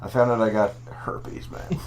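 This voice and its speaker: A man's voice: mid-range voice, wildly swooping pitch, slow, a little mellow, slight background noise. A man with a Newfoundland accent co-hosting a podcast at home, joking and swearing as he rambles through stories. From Newfoundland, Canada. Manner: joking, profane, rambling storyteller. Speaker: podcast co-host. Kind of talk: casual chat.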